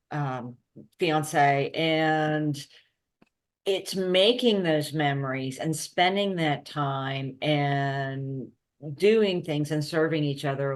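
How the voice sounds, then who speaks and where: A woman hosting an interview, speaking in an earnest, reflective way. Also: low voice. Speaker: host. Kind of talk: interview conversation.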